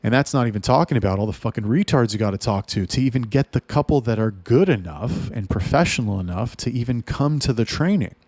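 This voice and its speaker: A man giving blunt, heavily profane advice in a ranting monologue. His pitch jumps up to hit his points. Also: fast, few pauses, no room sound. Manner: lively, rising in pitch for emphasis. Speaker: OnlyFans agency owner giving advice.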